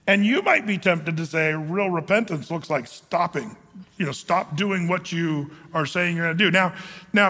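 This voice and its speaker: Male pastor, sermon; high, bright voice, animated and emphatic, acts out scenes, lots of fillers; echoey hall reverb. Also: breathy edge. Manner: many fillers and restarts.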